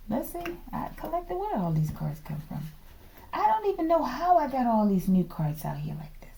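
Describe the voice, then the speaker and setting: Mellow-voiced woman doing a tarot reading. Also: medium pitch. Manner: drops into whispered asides, often addresses the viewers as the collective; rambling, thinks aloud with frequent sighs and laughs. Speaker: tarot reader. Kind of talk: casual tarot reading to viewers.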